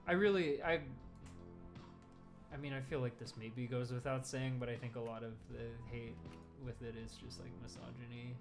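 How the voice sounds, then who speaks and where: A woman chatting casually on a livestream, with a light voice, lots of vocal fry and frequent giggles and fillers. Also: rumbling low, steady tone, normal speed. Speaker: streamer co-host. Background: music.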